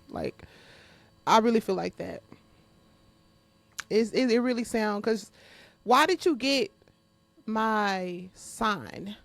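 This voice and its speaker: A woman's voice: mid-range voice, slow pace, pauses often, dry recording. A woman hosting her podcast in a casual monologue. She talks bluntly with lots of profanity, speaks straight to her listeners and often laughs while venting. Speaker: podcast host.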